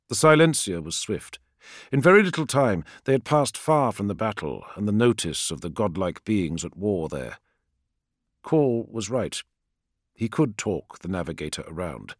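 Expressive man narrating an audiobook. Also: fairly low pitch, moderate pace, dry recording, studio quality. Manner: expressive storytelling. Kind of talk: scripted narration.

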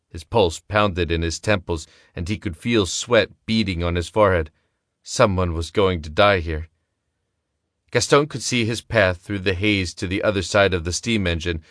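Low-voiced guy narrating an audiobook, steady and dry. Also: no room sound. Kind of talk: scripted narration.

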